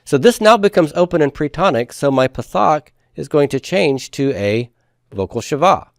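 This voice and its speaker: A man's voice: a little high, expressive, normal speed, gravelly, no echo, clean studio sound. Patient man lecturing on grammar. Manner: patient, step-by-step explaining, has the class repeat forms aloud. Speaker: Hebrew grammar teacher. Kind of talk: classroom lecture.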